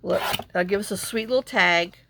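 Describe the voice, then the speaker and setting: Middle-aged woman, rambling craft vlogger who mutters to herself, voice full of vocal fry. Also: medium pitch, normal speed, background noise. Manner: chatty, rambling storyteller, talks to herself while working. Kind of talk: casual chat while crafting.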